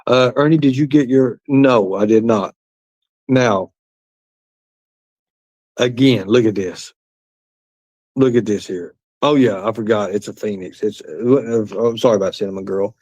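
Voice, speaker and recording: A man with a fairly low voice hosts a livestream, reading the chat aloud. He rambles, swears freely and repeats himself, recorded dry and close. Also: measured pace, pauses often, darkish tone, dry recording. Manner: rambling, profane, repetitive. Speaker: livestream host.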